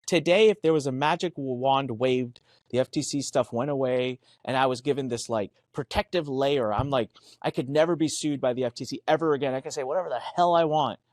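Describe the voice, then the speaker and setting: A man's voice: medium pitch, brisk, darkish tone, dry recording, studio quality. A man co-hosting a business podcast, telling stories emphatically, acting out quoted dialogue and swearing casually. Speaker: podcast co-host. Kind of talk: animated business podcast chat.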